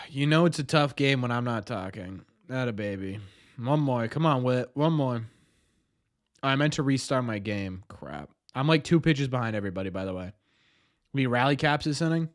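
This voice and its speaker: Excitable young man chatting to his stream. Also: medium pitch, moderate pace, long pauses. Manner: excitable, self-mocking banter with chat. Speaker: livestream host. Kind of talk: casual live watch-party chat.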